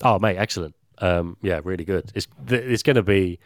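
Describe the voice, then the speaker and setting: A young man tells a story in loose, rambling podcast chat. His voice sits low, with a dry, close recording. He swears casually as he talks. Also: fairly quick, no room sound. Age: young adult. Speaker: podcast regular.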